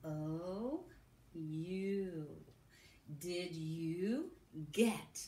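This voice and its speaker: A woman teacher giving a recorded phonics lesson to young children, modelling sounds and sentences slowly. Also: medium pitch, very animated, a little mellow, distant mic. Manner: slow, sing-song, drawn-out modelling of sounds and sentences. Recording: echoey room with faint background hum.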